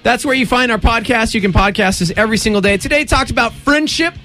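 A man's voice: very high-pitched, fast, sharp tone. A man in his thirties co-hosting a radio morning show, joking around in casual banter. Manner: playful, jokey, goofy voices.

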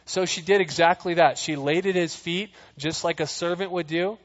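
A man's voice: fairly high pitch, fairly even intonation, moderate pace, hardly any pauses. Chatty male preacher in an echoing hall. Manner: chatty, jokey, acts out voices of the story. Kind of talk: casual sermon with scripture reading. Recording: dull sound, long hall reverb.

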